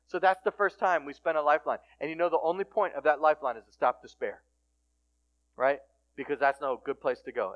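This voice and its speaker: A middle-aged man giving a casual, animated sermon at a recovery ministry, swinging from hushed asides to loud emphatic points. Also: fairly high pitch, highs cut off. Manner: casual conversational phrasing with restarts.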